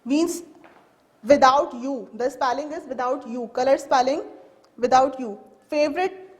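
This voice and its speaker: A woman teaching a recorded school lesson, speaking slowly, repeating key phrases and spelling words out letter by letter. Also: sits high.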